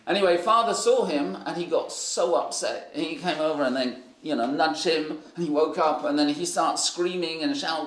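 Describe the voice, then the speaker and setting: A man's voice: on the high side, moderate pace, reverberant. A man preaching a sermon and telling stories in a loose, rambling way with many fillers and restarts. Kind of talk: sermon with storytelling.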